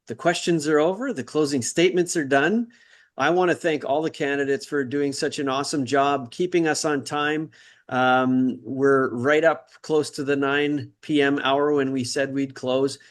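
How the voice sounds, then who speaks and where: A man moderating a candidates' forum over a video call, relaxed and friendly as he keeps time. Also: on the high side, unhurried.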